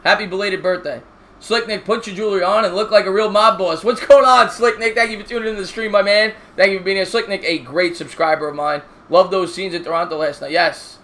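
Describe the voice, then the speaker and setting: A man's voice: sits high, steady tone, fairly quick, pushed and bright. A man, calling baseball play-by-play on a live stream while chatting with viewers. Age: 30s. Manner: chatty, jokey, reads viewer comments aloud. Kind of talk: casual play-by-play with chat shoutouts.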